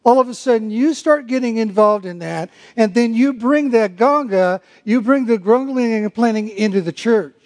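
High-voiced emphatic male preacher. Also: a little mellow. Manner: emphatic, slows down to stress key phrases; mimics grumbling with muttered nonsense sounds. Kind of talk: sermon.

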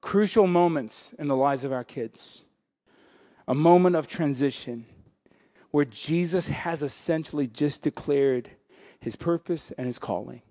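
A man preaching a sermon as pastor, animated and joking, breaking into laughter and acting out voices. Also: fairly high pitch, unhurried.

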